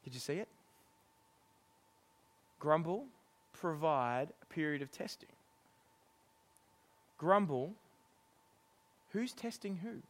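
A middle-aged man preaching a sermon, animated and often laughing as he acts out exasperated lines. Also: on the high side, slow pace, long pauses.

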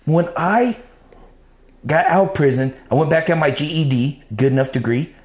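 A man's voice: fairly high pitch, normal speed, a little mellow. A man being interviewed, telling his life story in blunt, profane casual talk and acting out the things he told himself back then. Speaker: interview guest. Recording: roomy echo.

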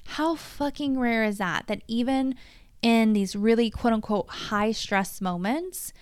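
Middle-aged woman coach hosting a solo podcast; smooth, resonant voice, dry close mic, casual and cursing. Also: fairly high pitch, unhurried, dry recording. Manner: casual, animated, swears freely.

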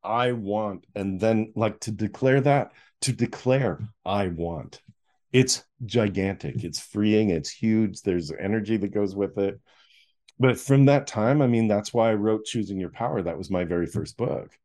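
A man's voice: fairly low pitch, moderate pace, mellow. A middle-aged man, an author, is a guest in an interview, animatedly telling a personal story, acting out scenes and laughing often.

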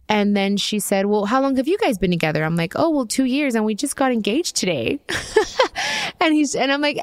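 A woman's voice: mid-range voice, no room sound, clean studio sound. A woman in her thirties hosting a podcast, telling a personal story in a casual, chatty way with lots of fillers and quoted dialogue. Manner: chatty, lots of fillers and restarts, animated quoting. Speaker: podcast host.

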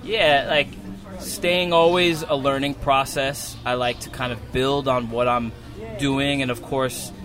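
A man with a Long Island accent, a muralist talking casually in an interview, relaxed and rambling with many fillers and restarts. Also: mid-range voice, measured pace. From Long Island, New York. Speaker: muralist guest. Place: outdoors at a wall being painted.

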